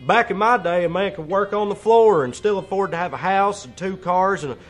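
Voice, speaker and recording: A man's voice: high voice, fairly quick, soft background music, voice pushed up. A man voicing a boastful old male factory worker, with an exaggerated thick Southern US drawl. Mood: mocking nostalgic.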